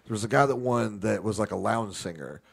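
A man in a casual podcast chat, telling a story haltingly with many fillers. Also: lowish voice, gravelly, husky. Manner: halting, filler-heavy recounting.

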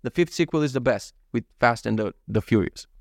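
A man's voice: medium pitch, a little fast, vocal fry, no echo, studio quality. A man in his thirties telling stories from his day in a casual vlog, acting out his own thoughts and swearing freely. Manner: animated storytelling, frequent swearing, acts out his own thoughts. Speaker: vlogger. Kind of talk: casual daily vlog monologue.

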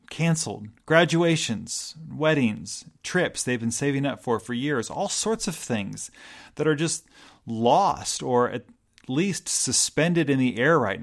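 A pastor delivering a reflective, gentle sermon, pausing often and restarting his sentences. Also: medium pitch, vocal fry.

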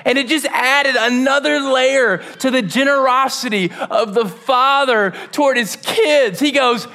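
A male pastor preaches in a high, bright voice, animated and casual. He slips into slang and acts out his stories as he goes. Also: unhurried. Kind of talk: sermon.

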